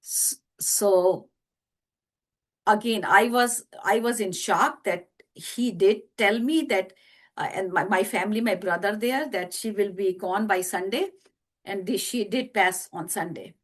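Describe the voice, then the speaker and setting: A middle-aged woman, an interview guest, telling a personal story in a halting way with many fillers and restarts. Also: medium pitch.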